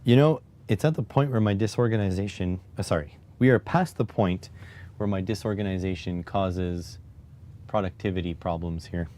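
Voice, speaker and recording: A man with a lowish, dark and mellow voice talks loosely through an electronics build on a live stream. He wanders off topic, cracks jokes and pokes fun at himself. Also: moderate pace. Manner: rambling, joking, self-deprecating.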